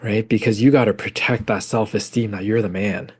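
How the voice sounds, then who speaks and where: Male podcast co-host, psychologist, lively storyteller who plays out both sides of a conversation. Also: on the low side, a little fast, breathy edge. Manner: animated storytelling, acts out dialogue. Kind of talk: casual conversation.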